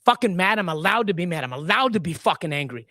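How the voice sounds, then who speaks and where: A man's voice: high-pitched, sing-song, fast, bright, forceful tone, no room sound. A man co-hosting a livestream who rants furiously, swears constantly and stammers through restarts. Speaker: livestream co-host. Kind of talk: heated livestream rant.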